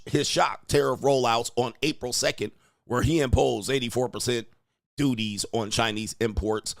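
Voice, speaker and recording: A man hosting a news commentary channel, reading headlines and reacting in an animated, slangy way, often quoting people in put-on voices. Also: mid-range voice, no room sound, clean studio sound.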